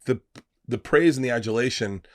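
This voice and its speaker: A man's voice: mid-range voice, brisk, no echo, studio quality. A comedian in his fifties chatting as a podcast guest, swearing freely and acting out quotes while he tells stories. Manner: profane, animated storyteller acting out quotes. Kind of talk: casual podcast chat.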